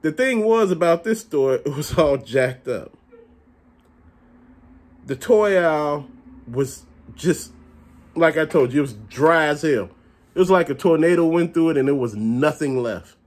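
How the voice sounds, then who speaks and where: This Chicago-area man talks a little slowly, in a somewhat high voice, pausing often as he addresses his viewers about a bad store visit. His casual rant is animated and blunt, and he curses frequently.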